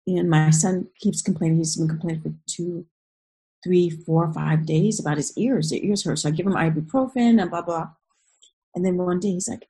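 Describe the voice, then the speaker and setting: A woman with a husky, slightly breathy voice tells a personal story in earnest. Her telling is emotional and vivid, full of restarts and re-enacted moments. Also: on the low side, normal speed, dark tone, rough recording.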